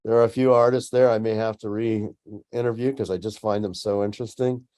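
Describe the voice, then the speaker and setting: A man hosting a podcast conversation, speaking in a low, mellow voice. His manner is relaxed and chatty, and his sentences often trail off softly. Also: brisk. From Tucson, United States. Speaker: podcast host. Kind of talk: casual interview chat.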